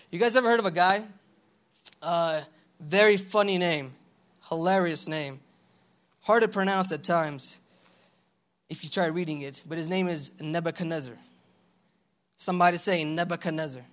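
Young man, pastor, high voice, slangy casual sermon, animated, calls out to congregation. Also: normal speed, long pauses.

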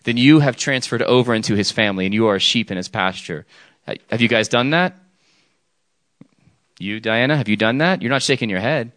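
A man's voice: medium pitch, a little fast, pauses often, a bit bright, no room sound. A man preaching an informal sermon, talking with the audience, checking in with "okay?" often and restarting his sentences. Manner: chatty, frequent "okay?" and restarts, jokes with audience.

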